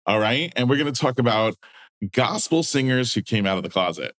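A man's voice: medium pitch, lively intonation, brisk, a bit bright. A middle-aged man co-hosting a podcast in a flamboyant, sassy way, full of rhyming quips. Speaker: podcast co-host. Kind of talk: campy casual chat.

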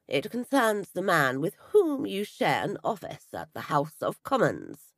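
A woman voicing a squat, burly male detective sergeant who speaks bluntly and gravely. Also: lowish voice, wildly swooping pitch, a little slow, no echo, studio quality, full character voice. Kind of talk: storybook reading.

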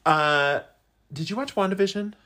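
A man co-hosting a podcast, bantering in a dry, teasing way with quick quips. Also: high voice, sharp tone. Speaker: podcast co-host. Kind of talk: casual banter.

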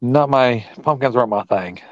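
A wry, joking man co-hosting a podcast, tossing out puns in casual chat. His voice sits at a middle pitch. The sound is dry and a little dull, as if from a lo-fi mic. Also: normal speed, no echo. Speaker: podcast co-host.

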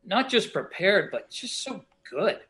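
A middle-aged actor telling casual, animated stories from past shoots in an interview, often acting out other people's lines. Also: male voice, high-pitched, measured pace. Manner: animated anecdotes, voices other people in quotes. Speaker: actor guest.

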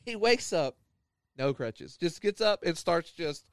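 A young man with a fairly high voice that swings widely as he tells a story over casual chat. He swears freely and acts out the people in his story. The recording is dry and close. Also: expressive, unhurried, smooth, no echo. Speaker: podcast host.

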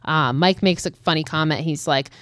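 Low-voiced woman casually recapping a film. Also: moderate pace, fairly bright tone, no room sound, clean studio sound. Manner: chatty, heavy use of "like" and frequent swearing. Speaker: vlogger recapping a horror film.

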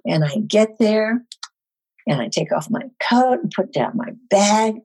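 An older woman, a guest actress, telling animated stories on a podcast with a husky voice. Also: mid-range voice, measured pace, low-quality recording. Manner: animated storyteller. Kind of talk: podcast storytelling.

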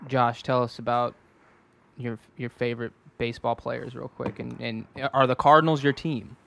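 A man co-hosting a podcast, speaking in a dry, deadpan way. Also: medium pitch, moderate pace, gravelly, slight background noise. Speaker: podcast co-host. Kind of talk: casual chat.

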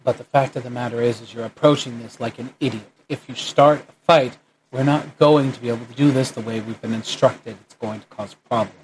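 A man voicing a calm, guarded male guard who speaks in a low, quiet, measured way. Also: a little hiss or hum, lightly acted, poor audio.

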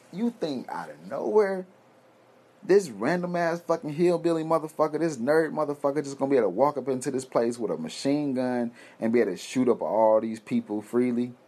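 A man's voice: medium pitch, darkish tone. A young man from the United States delivering a heated, profane ranting monologue, repeating himself as he builds.

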